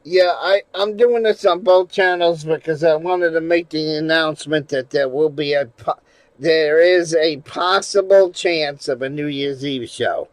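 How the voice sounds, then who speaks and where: Man, live stream chat, rambling, swears a lot, fairly high voice, dry close sound. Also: a little slow, no echo, low-quality recording. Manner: rambling, profane, shifts from mumbling to loud ranting.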